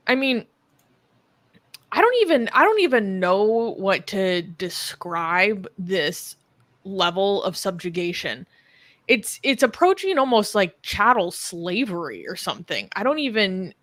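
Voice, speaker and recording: A woman co-hosting a live-stream discussion, with a mid-pitched voice. She speaks earnestly and pauses to search for words. The sound is dry and close. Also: a bit bright, no echo. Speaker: co-host.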